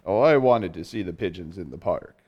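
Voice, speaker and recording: An actor playing a gentle, muddled, wealthy old madman in a 1940s radio drama, vague and absent-minded. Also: low voice, animated, a little fast, highs cut off. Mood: distracted. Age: older.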